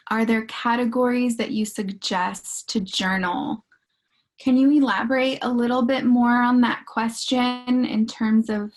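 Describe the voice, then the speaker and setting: A woman's voice: on the high side, vocal fry. Rambling woman hosting a workshop. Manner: rambling, many restarts and "like" fillers. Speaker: podcast host leading a workshop. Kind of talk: casual talk answering questions.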